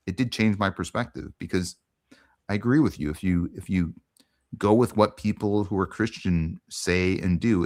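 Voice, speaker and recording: Guy w a really low voice hosting a casual talk show, earnest, lots of um. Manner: earnest, with frequent ums. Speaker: host. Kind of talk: casual online conversation.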